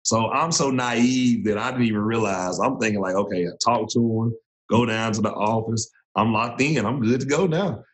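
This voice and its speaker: A man in his thirties, a former Marine turned coach, telling his story in a relaxed, casual way with frequent laughs. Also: lowish voice, moderate pace. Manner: relaxed, laughs often, restarts sentences.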